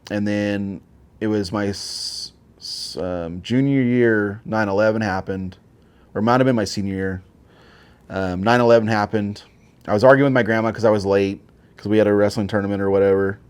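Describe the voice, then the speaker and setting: A man's voice: on the low side, a little mellow, clear, resonant tone. A man in his forties, a Marine veteran guest, telling his story casually with lots of swearing and filler words. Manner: profane, rambling, with many fillers.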